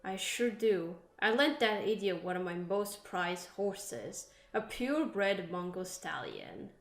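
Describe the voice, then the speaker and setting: A woman voicing a gruff, impatient female horse owner, curt and scornful. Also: mid-range voice, sing-song, slow pace, echoey room.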